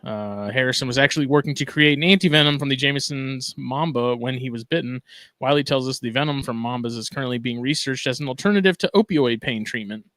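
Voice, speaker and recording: A man's voice: medium pitch, quick pace, a bit bright, no echo. A man co-hosting a casual podcast, talking in a laid-back, drawling way and reading news items aloud. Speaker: podcast co-host.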